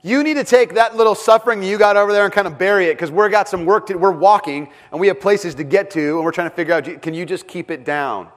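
Slightly high-voiced man preaching dramatically. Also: quick pace, hardly any pauses. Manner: dramatic, drops to a hush for emphasis. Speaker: pastor. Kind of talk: sermon. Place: church with several rooms.

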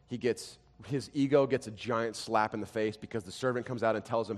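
A man in his thirties preaching a sermon, telling family stories, dropping to quiet and rising to loud. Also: fairly low pitch, brisk. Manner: animated storytelling, swings from quiet to loud. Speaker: pastor. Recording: long hall reverb.

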